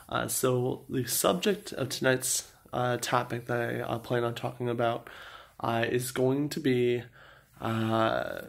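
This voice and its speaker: Hesitant man with a gravelly voice. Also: mid-range voice. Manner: hesitant, many fillers. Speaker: vlogger. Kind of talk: casual vlog talk.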